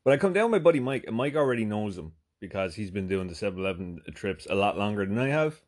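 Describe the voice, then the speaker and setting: A man's voice: fairly low pitch, big pitch swings, fast talker. A man hosting a podcast, telling a rambling comedic story full of swearing and fillers. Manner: rambling, profane, lots of fillers. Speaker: podcast host.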